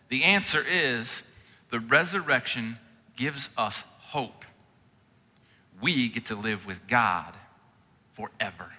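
A man's voice: medium pitch, takes it slowly, long pauses, bright, forceful tone, big-room sound. A man preaching a sermon in an earnest, conversational way, with casual asides and scripture readings. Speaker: pastor.

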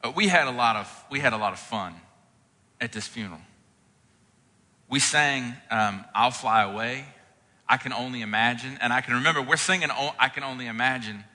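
A man delivers a sermon in a conversational, heartfelt way, slipping into casual asides between scripture readings. His voice is very bright, and it rings with the long reverb of a hall. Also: medium pitch, normal speed. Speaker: pastor.

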